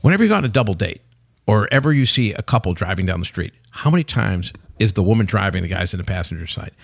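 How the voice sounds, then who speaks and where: A man in his sixties, a company head guest on a podcast, telling stories in an animated, emphatic, salesman-like way. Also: lowish voice, fast talker, creaky, dry recording, studio quality. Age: 60s. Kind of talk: casual interview chat.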